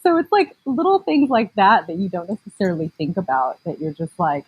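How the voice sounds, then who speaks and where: Husky-voiced woman in her forties. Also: mid-range voice, big pitch swings, a little fast, darkish tone, low-quality recording. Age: 40s. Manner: chatty, many fillers, laughs easily. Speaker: guest, mom blogger. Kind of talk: casual interview chat.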